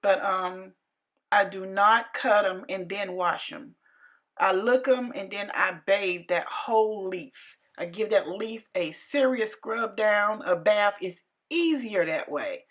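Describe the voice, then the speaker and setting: A woman's voice: medium pitch, slow pace, fairly bright tone, low-quality recording. A woman, narrating her home cooking video in a homey, repetitive way. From Carolina, US. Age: 60s. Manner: homey, repeats herself, folksy grammar. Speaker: home cook.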